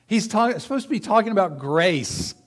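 A man delivers a sermon to his congregation in a fairly high voice. He keeps it conversational, putting questions to the room as he teaches. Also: expressive, normal speed. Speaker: pastor.

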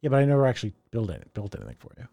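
A man's voice: mid-range voice, wildly swooping pitch, very fast, gravelly, dark tone, no room sound. A man hosting a podcast in casual chat, rambling along, swearing freely and laughing often. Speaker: podcast host.

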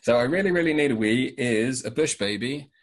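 Kids' book author guy, husky voice, thinks out loud, lots of restarts. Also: medium pitch, lively intonation. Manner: thoughtful, halting, with restarts. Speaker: children's author. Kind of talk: interview conversation.

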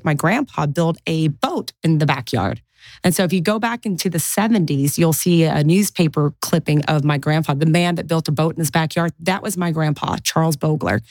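A woman in her forties, a guest in an interview, chatting and telling animated stories from her life. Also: low voice, dry recording. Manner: chatty, animated, mimics family voices in anecdotes. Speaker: guest, real estate investor. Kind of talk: casual interview storytelling.

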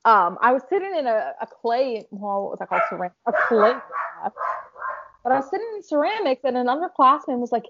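A young woman chats casually with a friend, bubbly and full of "like" as she tells her stories. Her voice sits a little high. The audio is muffled and lo-fi. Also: very animated, fairly quick, fairly bright tone. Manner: bubbly, storytelling, lots of "like". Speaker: co-host. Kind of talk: casual chat.

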